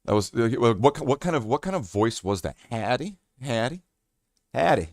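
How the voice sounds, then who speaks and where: A man's voice: medium pitch, big pitch swings, fairly quick, no echo, studio quality. A man chatting casually on a hobby live stream, rambling and joking at himself with many fillers and restarts. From Canada.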